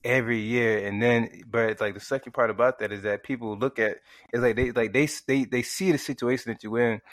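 A man's voice: mid-range voice, fairly even intonation, fairly quick, no room sound. A man co-hosting a sports podcast in casual chat, laid-back and slangy, laughing often. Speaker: podcast co-host.

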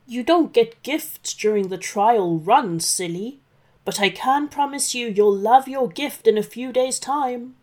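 A woman's voice: a little high, unhurried. A woman voicing a nervous, bumbling Santa Claus, an old man who stammers and fibs cheerfully.

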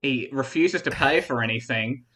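A man's voice: mid-range voice, normal speed, pushed and bright. A man co-hosting a podcast, arguing a comic mock debate against himself in a rambling, conspiratorial way with frequent laughs. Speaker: podcast co-host.

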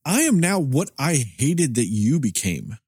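Animated joking man in casual chat. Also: fairly high pitch, unhurried, husky, no room sound, clean studio sound. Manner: animated storyteller acting out customer and server; profane, comedic. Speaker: movie discussion co-host.

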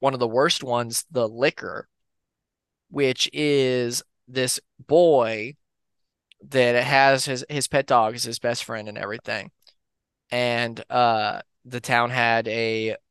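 A man tells urban legends as a podcast co-host, easygoing and rambling. His voice is smooth and clear, sitting in the middle range for a man. The recording is close and dry, with no room sound. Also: medium pitch, slow pace, no room sound. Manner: relaxed, rambling with fillers and restarts. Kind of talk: casual storytelling of urban legends.

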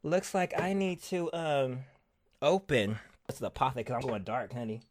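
A man's voice: medium pitch, dry recording, studio quality. A man hosting a casual chat show, sassy and theatrical, calling his listeners honey and repeating words for emphasis. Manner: drawn-out, emphatic repetition. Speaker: podcast host.

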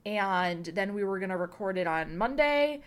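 A woman's voice: medium pitch, expressive, normal speed, clear, resonant tone. A woman hosting a podcast, chatting casually and rambling with lots of fillers. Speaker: podcast host.

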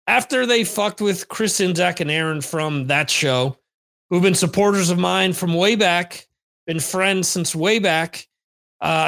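The host's voice is fairly high, creaky, and fairly bright as he rambles through profane stories on his podcast. It's a casual on-camera monologue for streamed video, built around answering listener questions.

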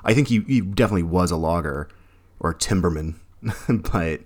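A man's voice: deep voice, normal speed. A man co-hosting a podcast, talking casually about a film, with many fillers and restarts. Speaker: podcast co-host.

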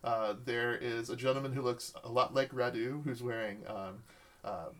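A man runs a tabletop game as game master, describing characters and action. He talks haltingly with lots of fillers and restarts, at a middling pitch. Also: fairly even intonation, a bit bright.

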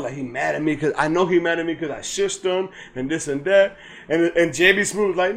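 Podcast co-host, male, high-voiced, loose and laughing storyteller who swears freely. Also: fairly quick. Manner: animated storytelling, acts out lines, laughs often, swears freely. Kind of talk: casual chat.

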